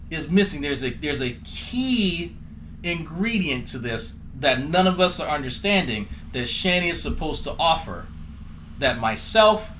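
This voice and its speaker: A man's voice: on the high side, bright, forceful tone, a little hiss or hum, low-quality recording. A man doing profane, mocking commentary as a streamer, sarcastic and swearing often.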